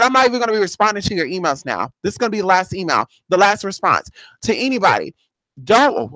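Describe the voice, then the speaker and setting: A woman's voice: mid-range voice, a bit bright, no room sound. A woman who does paid spiritual casework, chatting bluntly and sassily with viewers on a live stream and calling them honey.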